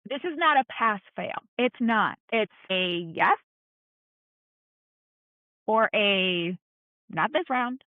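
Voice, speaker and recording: A woman's voice: on the high side, expressive, slow, long pauses, no echo. A woman speaking as a podcast guest, earnest and encouraging in a candid, heartfelt conversation. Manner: earnest, encouraging, plain-spoken. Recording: tinny phone-like line, dry.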